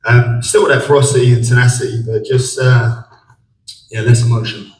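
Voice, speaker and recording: Flat-voiced young boxer, echoey room. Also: male voice, mid-range voice. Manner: flat, measured, with many ums. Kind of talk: press conference answers. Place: press conference room. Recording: echoey room from far off with faint ambience.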